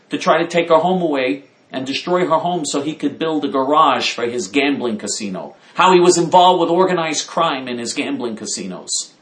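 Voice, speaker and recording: A man's voice: a little high, reverberant. A man giving opinionated political commentary, indignant and emphatic, repeating his points.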